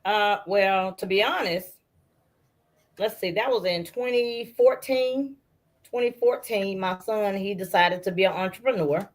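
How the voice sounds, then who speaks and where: Middle-aged woman guest, casual storytelling, does voices for her family, mid pitch. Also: unhurried. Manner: animated storyteller who acts out family members' voices.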